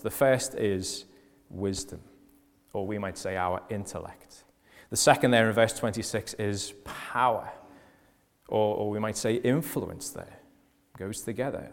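A man with a Liverpool accent preaching a sermon, stressing key phrases loudly and dropping to quieter asides. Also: mid-range voice, in a large hall. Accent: Liverpool (Scouse). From Liverpool, England.

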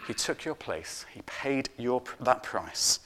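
A man preaching a sermon, earnest and emphatic, repeating words for stress and dropping to a hushed voice at the ends of phrases. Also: medium pitch, expressive, slow, slight background noise. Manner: swings from loud emphasis to soft, hushed endings.

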